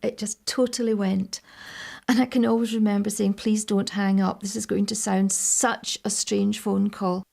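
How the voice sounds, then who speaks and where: An older woman with a Scottish accent, recalling in a measured, reflective way how she phoned a long-lost relative. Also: mid-range voice, level tone, creaky, a little mellow. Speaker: family searcher. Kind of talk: interview recollection.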